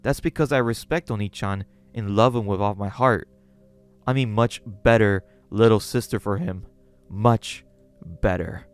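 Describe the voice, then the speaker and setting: A man's voice: fairly low pitch, a little slow, clear, resonant tone, faint music behind, lightly acted. A man voicing an obsessive gothic lolita woman who scolds sweetly and menacingly.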